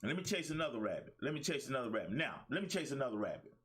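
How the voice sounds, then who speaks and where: Very fast and very animated, a middle-aged man with a medium-pitched, slightly bright voice hosts a talk show as a life coach. He delivers a preachy, fired-up monologue in colloquial speech, hammering points home by repeating phrases.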